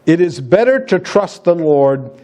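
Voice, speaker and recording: A man's voice: a little high, lively intonation, unhurried, mellow. A man preaching a sermon as pastor, emphatic and asking the congregation rhetorical questions.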